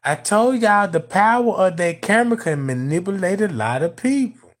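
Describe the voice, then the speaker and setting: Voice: mid-range voice, expressive, normal speed. A commentator talking to viewers in casual video commentary, emphatic and profane, using street slang and addressing the audience directly.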